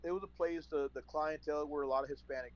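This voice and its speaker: A man's voice: a little high, steady tone, quick pace, highs cut off. A man from San Antonio, a former wrestler and podcast guest, telling a story casually and acting out the phone calls in it. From San Antonio, Texas.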